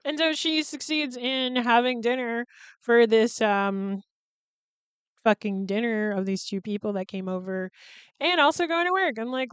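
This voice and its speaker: A woman's voice: a little high, moderate pace, clean tone, dry recording. A woman hosting a podcast in casual chat, candid and chatty, swearing freely and laughing between sentences. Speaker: podcast host.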